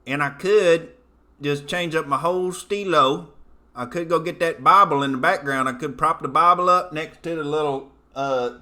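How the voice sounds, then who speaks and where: A man's voice: fairly high pitch, pushed and bright. A male comedian from Oklahoma hosting a casual livestream, sarcastic and self-mocking, swearing freely. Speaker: comedian and show host. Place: home studio apartment.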